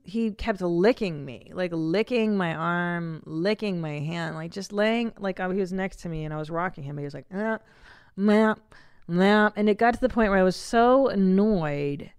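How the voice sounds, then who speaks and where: A woman in her forties hosting a podcast, chatting casually and comically, animated and swearing freely with quick tangents. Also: mid-range voice, smooth, no echo, studio quality. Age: 40s. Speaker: podcast host. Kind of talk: casual comedic chat.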